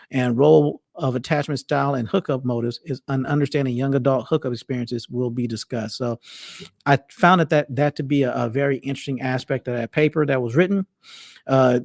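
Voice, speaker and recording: Brief: mid-pitched male host, raspy fry, chatty, repetitive delivery. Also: dry recording, clean studio sound. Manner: rambling, repetitive restarts. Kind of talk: casual monologue.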